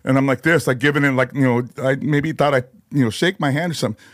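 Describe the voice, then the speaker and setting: Male podcast guest, mid-pitched, rambling anecdote style, dry close studio sound. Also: fast, no echo. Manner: rambling, loose, full of "you know" and "like". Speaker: guest musician. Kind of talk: casual storytelling conversation.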